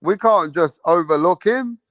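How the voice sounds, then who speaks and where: A boxing livestream host with a high-pitched, fairly bright voice gives casual live commentary to his chat, brash and profane as he taunts rival fans and tacks "bro" onto his lines. He speaks slowly and keeps repeating the same phrases. The sound is dry and close, with no echo or room around it.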